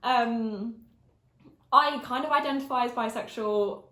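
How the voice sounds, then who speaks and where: A twenty-year-old woman from Essex, England hosts a casual YouTube chat, eating and laughing often. Her voice is a little high and a bit bright at a measured pace, and the recording has a roomy echo.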